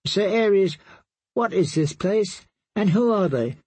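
A man's voice: high voice, expressive, measured pace, darkish tone, breathy edge, no echo, voice pushed up, heavily acted. A man voicing a plaintive young girl. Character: confused, wary young girl princess.

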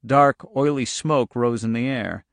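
A man reading a novel aloud as an audiobook narrator, telling the story in a steady, measured way. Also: mid-range voice, creaky, dry recording. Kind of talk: scripted narration.

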